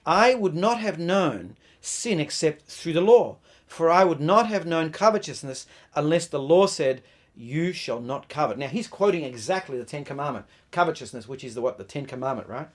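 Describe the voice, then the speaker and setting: A man's voice: fairly high pitch, animated, moderate pace. A man preaching a sermon, emphatic, often restarting words and putting questions to his listeners.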